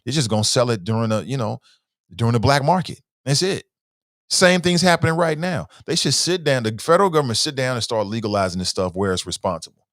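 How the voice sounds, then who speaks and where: Male show host, mid-pitched, dry close sound, casual and animated, reads viewer comments. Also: fast, no echo. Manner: conversational, reads viewer comments aloud, often starts with "uh"; animated, stressing words as he argues points.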